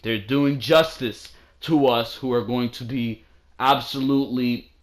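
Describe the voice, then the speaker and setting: A young man giving a casual, excitable wrestling review from home, repeating lines for emphasis and calling the listener "bro". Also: mid-range voice, measured pace.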